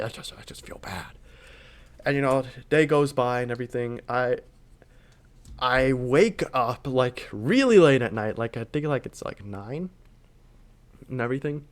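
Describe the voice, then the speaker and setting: Rambling young man telling a story. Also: mid-range voice. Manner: rambling with constant filler words. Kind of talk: casual storytime.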